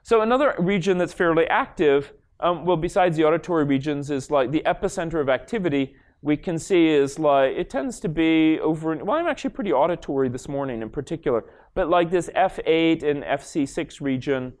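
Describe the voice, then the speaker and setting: A Los Angeles, USA lecturer presents live on stage to an audience, demonstrating a brain scan with casual rambling, lots of fillers and restarts. His voice is on the high side, expressive and darkish, and he talks a little fast with hardly any pauses.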